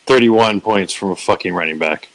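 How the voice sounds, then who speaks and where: A man's voice: low-pitched, moderate pace, crowd noise, rough recording. A man hosting a casual podcast recap, swearing often and mocking himself as he rambles with restarts. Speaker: podcast host.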